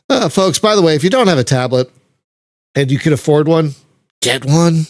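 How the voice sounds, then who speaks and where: A man hosting a casual podcast chat, gushing and excitable, swearing freely. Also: on the high side, moderate pace, long pauses, dry recording. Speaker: podcast host.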